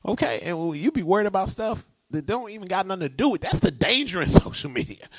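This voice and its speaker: A man preaching a sermon, animated and conversational, drawing responses from the congregation. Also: sits high, quick pace, slightly rough, no echo. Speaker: pastor.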